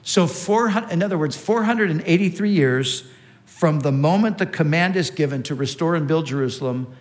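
A man delivers a sermon in a steady teaching manner. His voice sits a little high for a man. He often restarts a phrase and repeats the words he wants to stress. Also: normal speed. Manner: teaching, with frequent restarts and emphatic repetition. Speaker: preacher.

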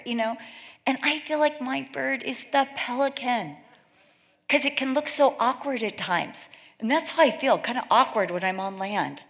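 In a slightly high, somewhat bright voice, a middle-aged woman addresses a church gathering. Her sermon is conversational and story-driven, with personal anecdotes and quoted voices acted out along the way.

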